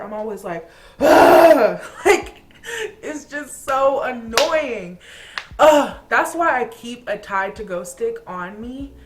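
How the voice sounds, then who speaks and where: A woman's voice: medium pitch, fairly bright tone. A young woman from Atlanta, Georgia, vlogging in a casual, chatty way, ranting about things that annoy her, full of laughs and filler words. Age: young adult. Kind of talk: casual chat.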